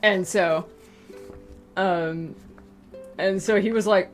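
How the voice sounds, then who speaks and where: A woman's voice: normal speed, long pauses, soft background music. A woman telling a long casual story on a livestream, acting out her friends' lines in shifting voices. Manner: animated, acts out quoted friends in higher and lower voices. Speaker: webcomic creator hosting a Q and A stream.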